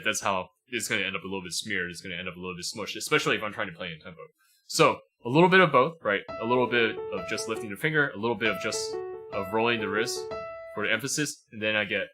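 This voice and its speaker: A man's voice: fairly low pitch, animated, fast. Patient man teaching piano. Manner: patient, explains while demonstrating, often asks "right?". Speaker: piano teacher reviewing a student. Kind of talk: livestream piano lesson. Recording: piano music playing behind.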